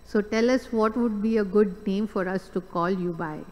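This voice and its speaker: A woman's voice: medium pitch, moderate pace, darkish tone. A woman in a class reading a memoir passage aloud with rising emphasis. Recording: distant voice in a reverberant hall.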